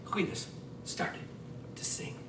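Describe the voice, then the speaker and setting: A man giving a humorous contest speech, telling a story with deadpan punchlines. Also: slow, slight background noise. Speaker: contest speaker. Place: hall on stage before a laughing audience. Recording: echoey hall, mic at a distance.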